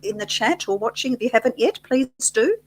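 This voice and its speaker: A woman's voice: a little high, lively intonation, fairly quick. An Australian woman co-hosting a casual live stream, teasing her co-host and laughing often. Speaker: livestream co-host.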